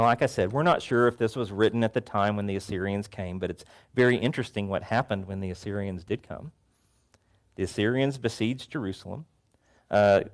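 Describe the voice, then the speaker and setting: A male pastor giving a sermon to a congregation, telling stories with animation. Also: lowish voice. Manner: animated storytelling, acts out voices. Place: church before a congregation.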